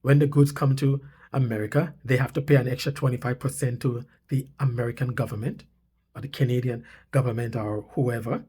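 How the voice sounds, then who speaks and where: Speaking a little fast, this channel host from Canada has a dark, breathy mid-range voice and fairly even intonation. He comments on news clips insistently, repeating himself and pressing each point harder.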